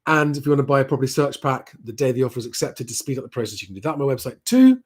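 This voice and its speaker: A man hosting a live stream, answering viewer questions in a relaxed, conversational way with frequent "um" fillers. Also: mid-range voice, rapid-fire, husky.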